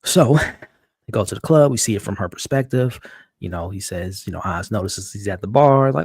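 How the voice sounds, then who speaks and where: A man hosting a live-stream recap of a TV episode, talking excitably and stumbling over repeated words as he restarts his sentences. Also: lowish voice, moderate pace, creaky, husky, no room sound. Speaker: show host. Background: dog.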